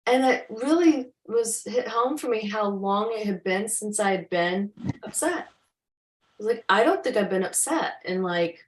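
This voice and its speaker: On a video call, a woman co-host speaks in an animated, unhurried way at medium pitch. She reflects casually and meanderingly on spiritual growth, acting out her inner thoughts, heard through a distant mic in an echoey room.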